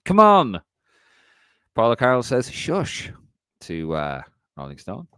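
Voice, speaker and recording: A man's voice: mid-range voice, huge pitch swings, measured pace, a bit bright, smooth, no room sound, studio quality. A man hosting a podcast, chatting casually and laughing as he reads out viewer comments. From Ireland.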